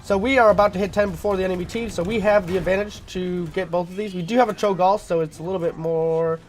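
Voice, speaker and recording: A man commentating his own gameplay in a casual, rambling way, full of fillers and throat-clearing because he is sick. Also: sits high, steady tone, fast talker, faint music behind. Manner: rambling, filler-heavy, thinking aloud.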